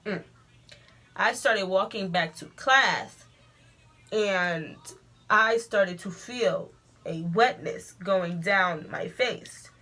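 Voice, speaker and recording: A woman vlogger telling a storytime in an animated, dramatic way, full of asides. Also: medium pitch, very slow. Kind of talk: storytime vlog.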